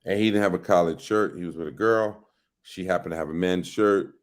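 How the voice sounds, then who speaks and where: A middle-aged man with a somewhat low voice talks casually as a guest. He tells animated stories and slips into the voices of the people he quotes. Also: brisk. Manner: animated storyteller who acts out quoted voices. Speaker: actor guest. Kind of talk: casual interview chat.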